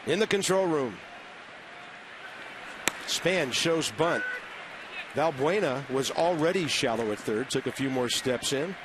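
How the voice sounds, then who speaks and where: A man calling baseball play-by-play from a ballpark booth, brisk and conversational with wry asides. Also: mid-range voice, expressive. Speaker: play-by-play announcer. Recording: noisy broadcast audio.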